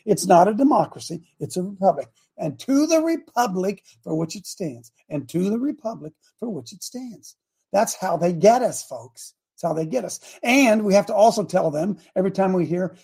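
A man's voice: sits high, lively intonation, normal speed, dark tone, breathy edge. A middle-aged man hosting a call-in talk show, preaching and scolding his listeners in a combative way.

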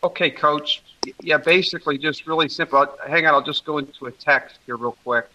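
A man calling in to a group, talking haltingly and loudly, reading out a message he sent. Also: on the high side, a little hiss or hum. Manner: halting, loud, reads a message aloud. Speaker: group member on a call. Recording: distant, dull phone-call audio.

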